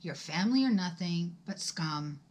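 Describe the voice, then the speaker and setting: A woman voicing her hostile older mother-in-law, whose talk is slow, cold and demanding, as she tells a story in a home vlog. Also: fairly low pitch, lively intonation, darkish tone, lightly acted. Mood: contemptuous. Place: home room.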